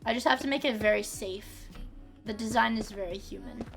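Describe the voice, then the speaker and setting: A woman's voice: fairly high pitch, fairly quick, creaky, faint music behind. A young woman streaming a game, chatting casually, swearing freely and often restarting her sentences. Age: young adult. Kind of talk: casual gaming livestream chat.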